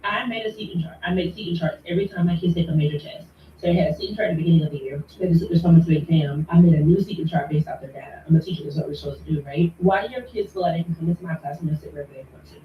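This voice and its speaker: A woman's voice: low-pitched, rapid-fire, few pauses, a little hiss or hum. A woman teacher indignantly scolding parents as she vents to the camera. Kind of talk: venting to camera. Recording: distant, roomy, dull sound.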